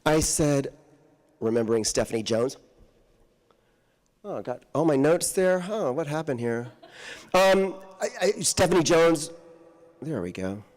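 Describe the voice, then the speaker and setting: A man telling a personal story to an audience on a handheld mic, animated and often laughing as he acts out the people in it. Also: fairly high pitch, measured pace, pauses often. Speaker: guest author speaker. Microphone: handheld microphone.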